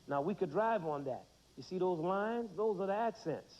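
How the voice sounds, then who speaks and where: A man's voice: sits high, animated, normal speed, darkish tone. A man in his thirties teaching a music lesson to children, asking the class questions and answering them himself. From United States. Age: 30s. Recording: dull 1990s TV broadcast.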